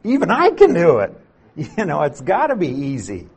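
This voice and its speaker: A man's voice: a little high, huge pitch swings, moderate pace, husky, voice pushed up, exaggerated voice. A man putting on the voice of his friend Dave, a breezy grown man who brushes off worry in a light, bouncy way. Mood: reassuring.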